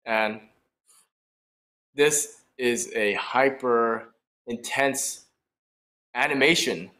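Man, interview guest, casual, enthusiastic, slangy, mid-pitched voice. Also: a bit bright. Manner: casual and enthusiastic, says "brother" and "like". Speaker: guest, painter.

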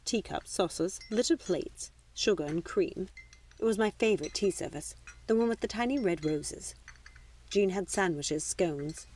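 A woman narrating a novel aloud in a measured, expressive reading. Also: fairly low pitch. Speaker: audiobook reader. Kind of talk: storybook narration.

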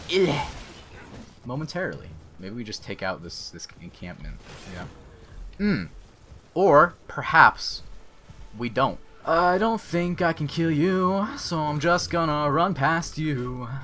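A young man giving crude, excitable commentary while playing a video game, swinging from mutters to yells. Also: a little high, a little hiss or hum. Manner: crude joking. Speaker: gaming YouTuber. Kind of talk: Let's Play commentary.

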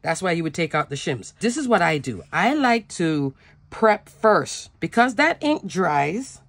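A woman's voice: fairly low pitch, very animated, unhurried, a bit bright, no echo. A woman hosting a step-by-step card-making tutorial, chatty and talking through each step, laughing at herself now and then. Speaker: craft tutorial host. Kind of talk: step-by-step crafting demo.

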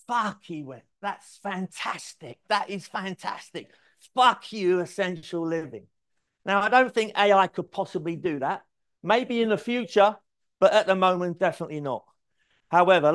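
Man, mid-pitched, animated conference storyteller who acts out dialogue. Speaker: speaker. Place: event stage before an audience.

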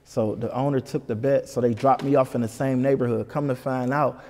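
A man from Detroit, a comedian telling a lively story in an interview and putting on voices for the people in it. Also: medium pitch, a little fast, long reverb tail. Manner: animated, puts on voices for people in his stories. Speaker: comedian guest.

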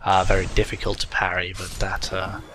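A man's voice: sits low, completely flat delivery, a little fast, fairly bright tone, a little hiss or hum. A young man giving sardonic, crude gaming commentary, his voice cracking a bit. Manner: sardonic, crude, swears a lot. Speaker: let's play host.

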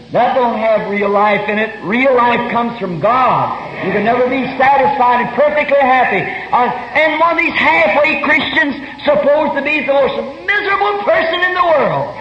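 A man preaching a fervent sermon, telling stories earnestly and breaking into shouts now and then. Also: extremely high pitch, normal speed. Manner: earnest storytelling, bursts of shouting. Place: church meeting hall. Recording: roomy lo-fi 1961 sermon tape.

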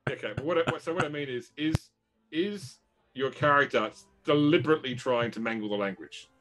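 A man's voice: mid-range voice, fairly quick, fairly bright tone, faint music behind, poor audio. Guy running a tabletop game, stumbles and repeats words a lot. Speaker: game master.

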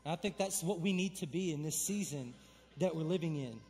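A young man preaches in a church with a high, bright voice, his words ringing through a long hall reverb. He talks casually and then builds to fervent, emphatic calls. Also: brisk, soft background music. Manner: energetic, conversational preaching with emphatic build-ups. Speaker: pastor. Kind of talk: sermon. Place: church sanctuary.

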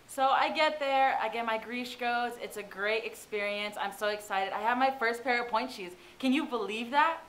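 A woman's voice: a little high, pushed and bright, a little hiss or hum, rough recording. A teenage girl performing a monologue as a student actor, in a chatty, confiding tone. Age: teens.

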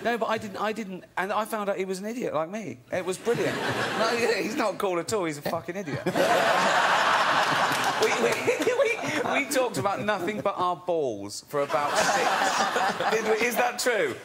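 A man's voice: high voice, lively intonation, normal speed, very noisy. A man with a jokey manner, chatting as a guest on a talk show. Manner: jokey, laughing often. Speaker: guest, comedian and director. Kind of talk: chat show banter.

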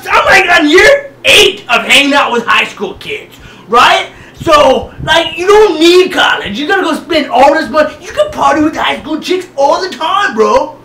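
Man playing a rowdy jock bro, yelling, high and bouncy, echoey room. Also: a little hiss or hum, exaggerated voice. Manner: brash bro talk, shouting and laughing. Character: dim, loud jock older brother who never grew up. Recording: echoey room, far mic, guitar music.

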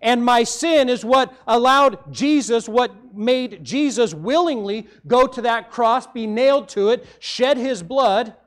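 A man with a Midwestern American accent, preaching a sermon as pastor, rising emphatically for stress and dropping low at the ends of phrases. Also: lively intonation, slow pace, few pauses.

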